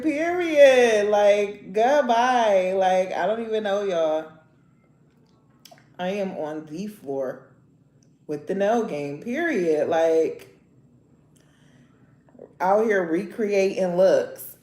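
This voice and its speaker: Excitable slangy woman in an echoey room. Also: on the high side, slow pace. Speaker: nail vlogger. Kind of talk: casual nail vlog chat. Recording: roomy, echoey home recording.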